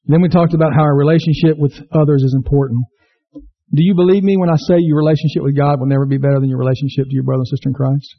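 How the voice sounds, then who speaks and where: A man's voice: level tone, rapid-fire. A man preaching an earnest sermon, repeating himself and asking the congregation questions. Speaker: pastor. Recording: slightly dull low-fidelity recording.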